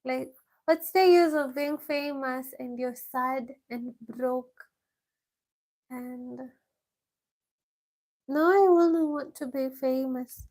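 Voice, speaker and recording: Woman on a live q&a, high voice, reads questions out then answers, laughs a lot. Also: takes it slowly, long pauses, darkish tone. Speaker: vlogger answering viewer questions. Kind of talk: casual live-stream Q&A. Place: village home.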